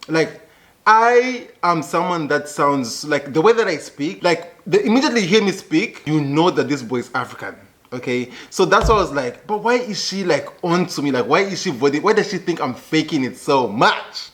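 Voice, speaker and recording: A man's voice: on the high side, lively intonation, moderate pace, fairly bright tone. A young man with a thick Zambian accent, talking animatedly as a YouTube host reacting to a clip and checking in with the listener. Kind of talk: casual reaction commentary.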